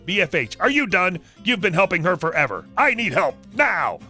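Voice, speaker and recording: A man's voice: sits high, very animated, normal speed, faint music behind, heavily acted. A man voicing a rude, demanding woman customer who barks orders at a stranger. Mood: bossy. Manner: bossy, yelling orders.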